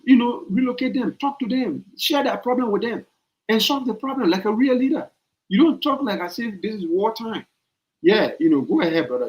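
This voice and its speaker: A man, hosting a political opinion podcast and pressing his points with emphatic repetition. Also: poor audio. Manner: swings from low, calm reading to loud, high-pitched urging. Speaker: podcast host. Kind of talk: political opinion commentary on a live stream.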